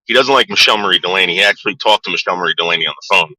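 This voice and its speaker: New guy rambling thru family stories, low voice, really bright and dry, no room at all. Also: racing, no echo, rough recording. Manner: rambling, repeats words, quotes people in put-on voices. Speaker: streamer telling stories about his father. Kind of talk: casual storytelling to a live chat.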